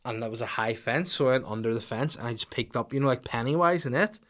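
A man's voice: medium pitch, fast talker, fairly bright tone. A young man hosting a comedy podcast, swearing freely and acting out little scenes as he rants. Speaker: podcast host.

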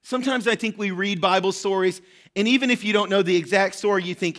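A high-pitched man delivers a sermon in an earnest, direct way. He keeps checking in with his listeners and acts out a widow's desperate cries with rising urgency. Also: brisk, a bit bright. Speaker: pastor.

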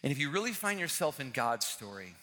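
A man preaching a sermon as pastor, animated and repeating key phrases, acting out the people in the story. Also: mid-range voice, fairly quick. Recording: large hall with long reverb.

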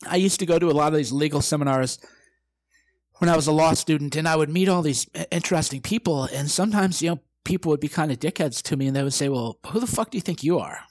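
A man's voice: on the high side, quick pace, darkish tone, dry recording. A brash man, likely in his twenties, giving a profane motivational talk and acting out quoted exchanges. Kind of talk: direct-to-camera motivational talk.

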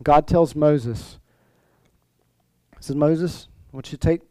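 A male pastor delivering a sermon in a relaxed, conversational way, often restarting phrases and asking his listeners questions. His voice sits a little high and sounds mellow and warm. The recording is dry and close, with no room echo. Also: slow. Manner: conversational preaching with many restarts and rhetorical questions.

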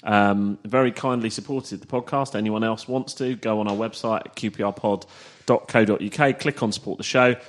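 Low-voiced, teasing podcast host. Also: male voice, steady tone, fairly quick, few pauses. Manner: chatty, teasing, runs the show segments. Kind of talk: casual chat.

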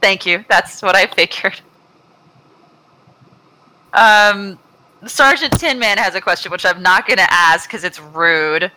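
A woman's voice: mid-range voice, slow, long pauses, bright, forceful tone, low-quality recording. A woman hosting a podcast, casually reading out chat questions and teasing her guest in a playful, swearing manner. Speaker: podcast host.

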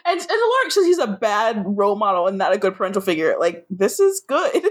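A woman's voice: mid-range voice, sing-song, fairly quick. A woman co-hosting a podcast, adding wry, chuckling asides in casual chat. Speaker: podcast co-host.

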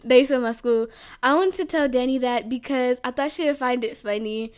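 Giggly high-voiced young woman. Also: normal speed, smooth. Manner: giggly storyteller, lots of "like". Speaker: podcast co-host. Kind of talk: casual chat.

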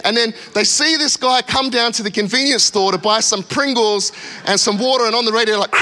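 Man, pastor, sermon, high voice, bright tone, animated storytelling. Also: moderate pace. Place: church hall.

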